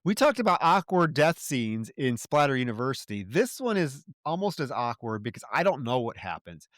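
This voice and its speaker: A man's voice: mid-range voice, big pitch swings, moderate pace, fairly bright tone, no room sound, studio quality. A man co-hosting a film review podcast, swearing freely and sounding exasperated as he recounts scenes. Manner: profane, exasperated, mocks characters' lines. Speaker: podcast co-host. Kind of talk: casual film review chat.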